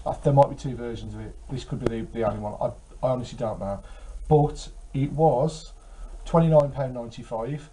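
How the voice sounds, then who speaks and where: A man's voice: mid-range voice, a little fast, warm tone, a little hiss or hum, poor audio. A tired man chatting casually about his game collection, rambling with many fillers. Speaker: retro game collector vlogger. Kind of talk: casual chat.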